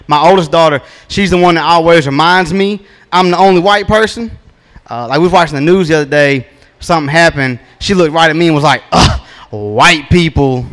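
Man, 30s, stand-up comic, high voice, drawling laid-back delivery. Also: a bit bright. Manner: laid-back drawling storytelling with punchy asides. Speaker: stand-up comedian. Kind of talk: stand-up comedy set. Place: comedy open mic stage.

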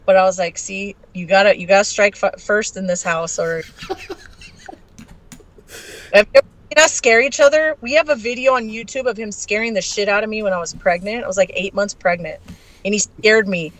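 A woman's voice: mid-range voice, fairly even intonation, a little fast, poor audio. Brash, profane woman telling a story. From Arizona. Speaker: guest. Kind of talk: casual podcast storytelling.

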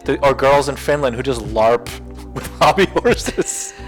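A man's voice: mid-range voice, lively intonation, unhurried, faint music behind. A man co-hosting a podcast, talking casually as a rambling storyteller who laughs often and adds playful asides. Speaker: podcast co-host. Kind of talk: casual chat.

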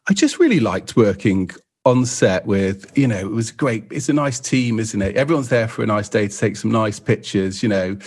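A man's voice: lowish voice, animated, normal speed, darkish tone, husky. A middle-aged English man telling rambling, self-deprecating stories about his photography career in casual chat, acting out what others said. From England. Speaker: podcast guest and co-host photographer.

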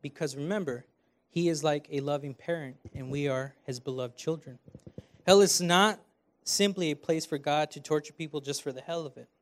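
A young man gives a sermon in a church, his voice sitting a bit high for a man. He preaches earnestly but conversationally, throwing in friendly asides to the congregation. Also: moderate pace. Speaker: preaching student. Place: church hall.

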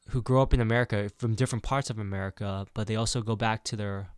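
A man's voice: medium pitch, smooth, no echo, clean studio sound. A man chatting casually, telling a rambling story with many restarts and acting out quoted dialogue. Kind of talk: casual chat.

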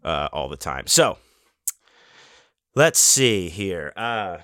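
A man's voice: sits low, sing-song, drawn-out words, pushed and bright, no room sound. A man hosting a podcast, talking in a casual, rambling monologue full of restarts and fillers, with the odd swear word. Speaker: podcast host.

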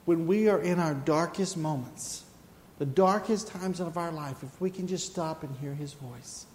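Man preaching softly in an echoing hall. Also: a little high, slight background noise. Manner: soft, slow, then rising to fervent emphasis. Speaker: pastor. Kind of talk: sermon. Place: church sanctuary.

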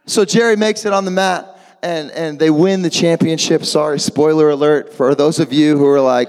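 Energetic preacher, male, high voice, call-and-response, echoey hall. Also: normal speed. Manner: energetic, rising to shouts, jokey asides. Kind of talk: lively sermon with call-and-response. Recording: long echo of a large hall.

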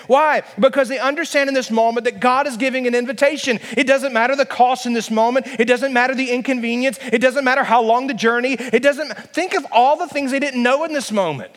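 High-pitched man preaching, emphatic and rising, long hall reverb, church sanctuary. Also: fairly quick, fairly bright tone. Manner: emphatic, building to passionate peaks. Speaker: pastor. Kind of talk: sermon.

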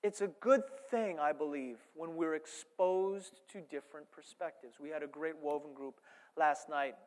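High-voiced preacher in a reverberant hall. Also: male voice, normal speed. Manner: animated storytelling, swings between hushed and loud. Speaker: pastor. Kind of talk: sermon.

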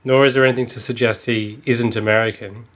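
A man's voice: medium pitch, fairly even intonation, fast, fairly bright tone. An Australian man co-hosting a podcast, chatting casually and drily teasing his co-host about a book. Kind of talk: casual book-club chat.

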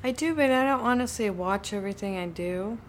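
A woman's voice: medium pitch, brisk, slight background noise. A woman actor and director, reflecting in conversation and acting out remembered dialogue with animation.

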